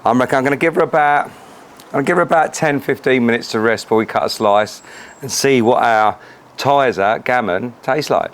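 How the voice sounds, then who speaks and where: Outdoors at a grill, a cooking vlogger chats casually to the camera, his mid-range voice moving at a moderate pace. He's cheerful as he cooks, cracking jokes and swearing often.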